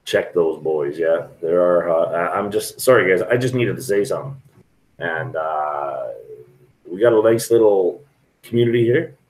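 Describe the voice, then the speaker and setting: A man's voice: sits low, lively intonation, moderate pace, a little mellow, poor audio. A middle-aged man chatting frankly and rambling to viewers on a live stream from a restaurant. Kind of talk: casual live stream chat.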